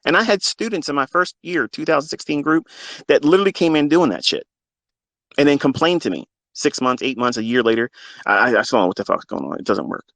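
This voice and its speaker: A man's voice: mid-range voice, animated, fast, creaky, no echo. A middle-aged man with a blunt, profane way of talking, speaking candidly as host of a live audio chat. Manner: blunt and profane, swings between quiet and loud emphasis. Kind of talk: candid casual talk.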